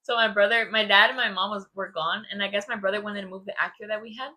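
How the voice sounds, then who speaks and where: A young woman co-hosting a podcast, chatting casually and telling family stories with quick asides. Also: mid-range voice, fairly even intonation, bright, forceful tone. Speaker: podcast co-host. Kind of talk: casual chat.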